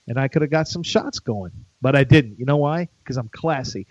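A man's voice: medium pitch, fairly quick, few pauses, darkish tone, dry recording. A middle-aged man hosting a sports talk show, rambling, chatty and jokey. His voice sits in an ordinary middle range. The sound is dry and a little dull. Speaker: sports radio host.

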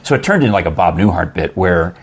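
A man hosts a relaxed podcast chat, telling rambling stories and teasing his guest. His voice is a little husky, and his pitch swings widely as he talks. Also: fast. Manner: chatty, rambling storyteller with lively pitch swings. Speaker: podcast host. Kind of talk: casual chat.

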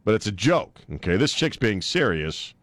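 A man hosting a radio talk show, mocking and opinionated in a sarcastic, animated way. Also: fairly low pitch, moderate pace, no echo.

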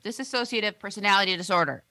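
A woman in casual chat about a TV show, retelling scenes in a lively, animated way with comic asides. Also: mid-range voice, fast, no echo.

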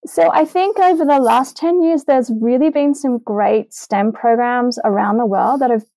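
Earnest woman scientist, mellow voice. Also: a little high, normal speed, dry recording, rough recording. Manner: earnest, frequent fillers and restarts, enthusiastic. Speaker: vaccine immunologist guest. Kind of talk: remote interview answers.

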